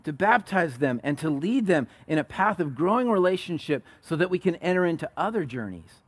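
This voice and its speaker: Emphatic pastor preaching a sermon. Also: male voice, very animated, a little fast, no echo. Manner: conversational, swings between loud emphatic peaks and soft low asides.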